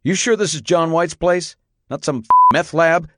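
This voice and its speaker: A man voicing a gruff male cop who shouts urgently and rasps from smoke. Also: fairly high pitch, moderate pace, no echo, clean studio sound, voice pushed up.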